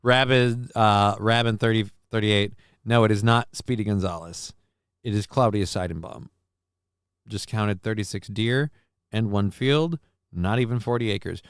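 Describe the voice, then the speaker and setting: A man's voice: fairly low pitch, normal speed, clear, resonant tone, no room sound, clean studio sound. A man hosting a casual live stream, reading chat messages and news aloud and cracking crude jokes. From northern United States. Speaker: show host.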